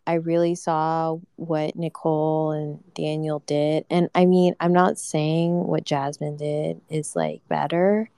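A woman's voice: on the low side, mellow, clear, resonant tone, no echo. A woman on a live audio chat giving a hesitant, rambling reaction to a reality show, filling it with "like" and "I mean". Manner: filler-heavy, hesitant, keeps saying "like".

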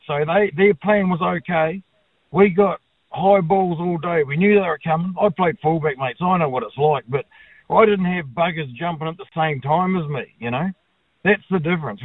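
Over a tinny phone line, a man with a New Zealand accent calls a talkback radio show, his fairly high voice recorded dry. He's blunt, blokey and opinionated, swearing casually.

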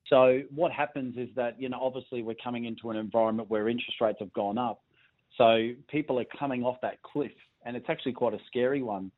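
A Scottish-born man with an Australian accent talks finance in a matey, self-deprecating way. His voice is mid-pitched. It comes through a narrow, tinny phone line. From Scotland. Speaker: mortgage broker guest. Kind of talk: casual radio phone interview.

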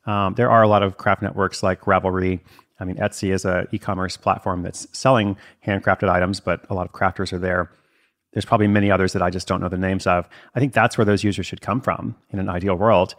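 A man's voice: low voice, level tone, fairly quick. A man hosting a podcast, answering listener questions in a thoughtful, hedging way and often restarting his words. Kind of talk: casual solo podcast advice.

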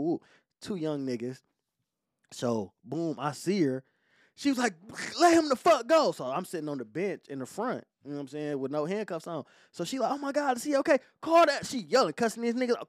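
Animated, high-voiced male podcast host. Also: no echo, clean studio sound. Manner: animated, profane storytelling with shifting voices. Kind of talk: casual storytelling chat.

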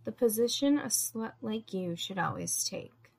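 Lady putting on a mean mocking woman, bossy and scornful, kinda gravelly. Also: fairly high pitch, lively intonation, a little slow, full character voice.

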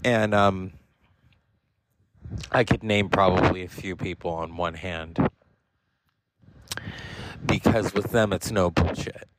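A man's voice: low voice, fairly even intonation, takes it slowly, pauses often, slight background noise, rough recording. A man in his forties hosting a podcast, telling casual personal stories in a rambling, profane way with lots of fillers. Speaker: podcast host.

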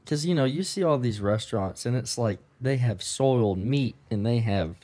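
A young man hosting a podcast in casual chat, easygoing and relaxed as he talks with friends. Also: medium pitch, normal speed. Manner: relaxed, easygoing, wraps up the show. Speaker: podcast host.

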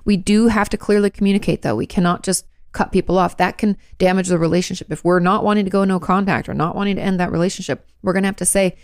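A woman's voice: medium pitch, fairly even intonation, fast talker, hardly any pauses, darkish tone, clear, resonant tone, no echo, clean studio sound. A woman therapist giving direct, reassuring advice in answer to viewers' questions. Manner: direct and reassuring, coaching the listener.

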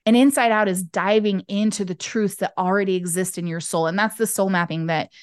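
A woman guest talking candidly in an interview over a video call, expressive and acting out the voices she quotes. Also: medium pitch, a little fast, smooth, no room sound, clean studio sound. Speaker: podcast guest, intuitive business owner. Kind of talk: candid conversational interview talk.

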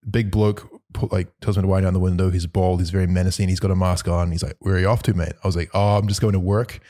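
A man's voice: low-pitched, steady tone, fast, dark tone. A man from New Zealand co-hosting a podcast, telling a rambling story in casual chat, laughing and swearing. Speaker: podcast co-host.

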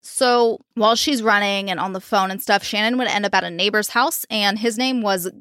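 A young woman recaps a true-crime case in a loose, conversational way, leaning on fillers and dropping the occasional curse. Her voice sits at an everyday middle pitch, and the recording is close and dry with no room sound at all. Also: normal speed, a bit bright, clean tone, no echo. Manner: chatty, filler-heavy, frank with swearing. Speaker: podcast host. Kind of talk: casual true-crime storytelling.

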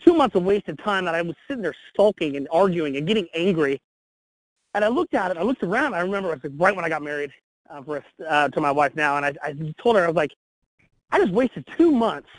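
High-voiced, blunt man telling his story. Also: fast, no echo, rough recording. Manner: blunt, energetic, casual swearing. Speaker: guest. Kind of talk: candid interview storytelling.

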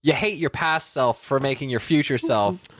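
A man's voice: mid-range voice, normal speed, fairly bright tone, dry recording, studio quality. A man telling rambling, self-deprecating stories in a casual chat, as a podcast co-host.

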